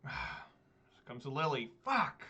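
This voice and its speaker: A man's voice: fairly high pitch, expressive, unhurried, sharp tone. A man giving casual gameplay commentary as he plays, talking to himself and swearing often. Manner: swears often, talks to himself while playing. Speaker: gameplay streamer.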